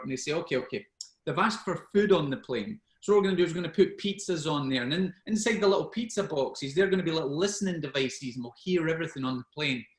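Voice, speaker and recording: A man in his forties, a former soldier telling lively anecdotes and acting out the dialogue. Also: on the high side, reverberant. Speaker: guest speaker, former special forces soldier. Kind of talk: anecdotal storytelling at an online networking event.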